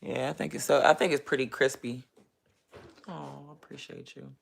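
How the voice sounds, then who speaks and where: A woman talks straight to her camera in a loose, casual vlog, venting about her busy life. Her voice carries a gravelly, fry-heavy texture. She speaks bluntly and swears freely, rambling from one thought to the next. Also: a bass voice, fairly even intonation, moderate pace, very noisy. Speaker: vlogger and small business owner.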